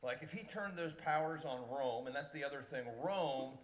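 A man preaching a sermon as an animated storyteller who acts out quotes, at a church service held in a theatre. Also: medium pitch, normal speed. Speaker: pastor. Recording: long reverb in a large theatre.

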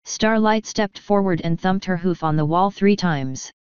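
A woman narrating a fanfiction story in a steady, unhurried way. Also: lowish voice, smooth, no room sound. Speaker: fanfiction reader. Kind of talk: audiobook narration. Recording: dull lo-fi dry recording.

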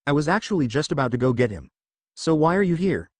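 Bubbly inventive princess girl, raised pitch, as a male narrator puts her on, dry close sound. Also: big pitch swings, fast, dry recording. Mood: cheerful.

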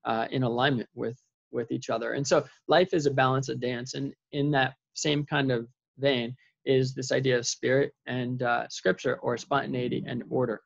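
Earnest man with gravelly voice. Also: medium pitch, level tone, normal speed, no echo, muffled recording. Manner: earnest, rambling, with many restarts and fillers. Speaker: vlogger sharing faith reflections. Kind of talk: casual spoken reflection.

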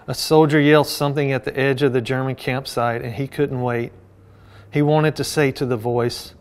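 A male author reading a passage from his own novel aloud in a measured, steady, subdued way. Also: medium pitch, clear, resonant tone.

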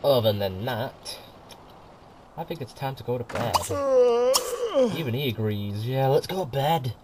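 A man's voice: medium pitch, expressive, unhurried, background noise. A man giving casual, rambling commentary over gameplay, chatting away and laughing often. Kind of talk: casual let's-play commentary. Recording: quiet home mic with music behind.

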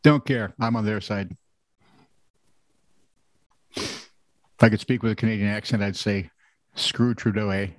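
A man's voice: on the low side, fairly even intonation, a little slow, pauses often, no room sound. A man co-hosting a casual comedic news podcast, reading odd stories and adding sarcastic jokes. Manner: wry, sarcastic joking. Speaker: podcast co-host.

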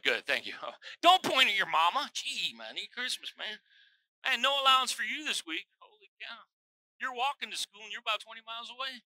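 A man's voice: extremely high pitch, big pitch swings, normal speed, pushed and bright, no room sound, low-quality recording. A male pastor preaching a sermon in a folksy, joking way, teasing his congregation.

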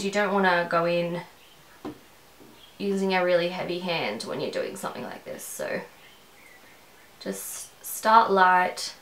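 A chatty Australian woman rambling through a makeup tutorial at home. Her voice has a gravelly, fry-tinged edge, and the room around her sounds echoey. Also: medium pitch, a bit bright, slight background noise. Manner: rambling, conversational. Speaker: beauty vlogger.

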